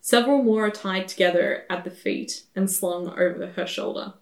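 Woman game master, plain mid pitch, narrates scenes, roomy sound. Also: normal speed.

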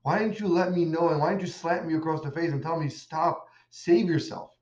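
A man's voice: fairly high pitch, steady tone, fairly quick, close to an everyday voice. Man playing arrested smuggler, desperate, accusing, echoey room, lo-fi. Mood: anguished, accusing. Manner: shouting reproachful questions. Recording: echoey room, dull lo-fi sound.

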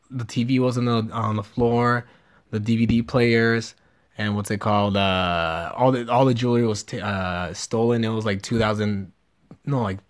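Young man in loose, swear-filled chat. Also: medium pitch. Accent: Californian. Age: 20s. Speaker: podcast host. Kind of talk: casual chat.

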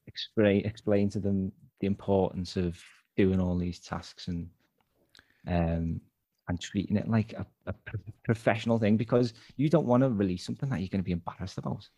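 A man's voice: fairly low pitch, dark tone, no echo, highs cut off. A man with a Liverpool accent, a guest author talking earnestly in a casual interview, often restarting his phrases. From Liverpool, England.

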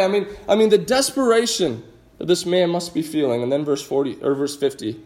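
Male pastor, high-pitched, casual and emphatic sermon delivery, stumbles and restarts often. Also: a little fast, a little mellow, roomy sound. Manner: conversational, emphatic, frequent restarts.

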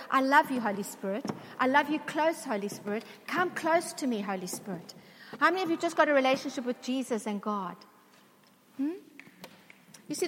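Woman preacher with a high voice, emphatic, asks the crowd questions, long hall reverb. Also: fairly bright tone. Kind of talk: sermon.

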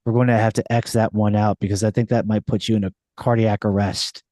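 A man hosting a casual interview in a studio, playful and halting with restarts. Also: fairly low pitch, level tone, warm tone, dry recording. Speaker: podcast host. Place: recording studio.

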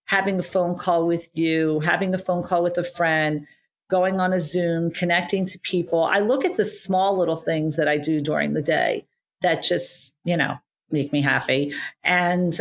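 A woman's voice: fairly low pitch, moderate pace. A woman co-hosting a podcast, talking in earnest, reflective run-on thoughts in casual chat. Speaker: podcast co-host.

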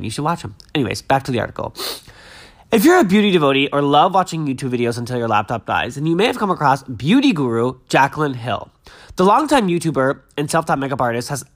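A man's voice: fairly high pitch, fairly bright tone. A young man hosting a podcast, chatting casually and reading news aloud in a gushing, dramatic way, a little stuffy-nosed. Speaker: podcast host.

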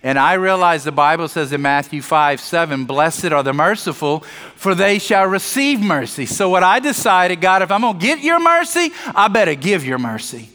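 A man preaching from the pulpit, his bright, forceful voice sitting a little high. He tells a personal story with joking asides and acts out each line of dialogue. Long reverb from a large sanctuary carries him, with soft music underneath. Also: expressive, moderate pace. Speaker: pastor. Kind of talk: sermon.

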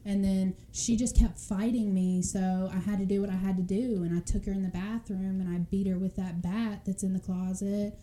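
A young woman tells a crime story in a loose, chatty way, slipping into quick voices for the people in it and laughing often. Her voice is dark and mellow in tone. A faint hiss sits under the recording. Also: medium pitch, fairly even intonation. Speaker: podcast co-host telling a true crime story. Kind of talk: casual chat storytelling.

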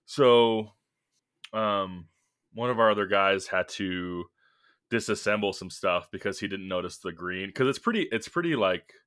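Young dude podcast cohost, kinda low but bright voice, rambly casual chat. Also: male voice, animated, unhurried, smooth. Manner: rambling, many fillers and restarts. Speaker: podcast co-host.

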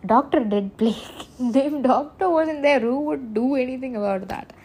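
A fairly high-voiced woman, talking on her own podcast. She rambles in an earnest, casual way, restarting her sentences and breaking into small laughs. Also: unhurried, dark tone, a little hiss or hum. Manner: rambling and earnest, self-correcting, laughs often. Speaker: podcast host. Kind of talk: casual solo podcast monologue.

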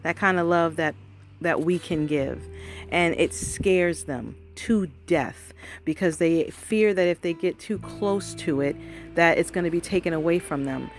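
Low-voiced woman giving an earnest motivational talk. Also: a little slow, faint music behind. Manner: earnest, conversational, often asks "you know what I mean?"; addresses listeners as "y'all". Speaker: vlogger. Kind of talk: casual motivational monologue. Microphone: recording herself for her channel.

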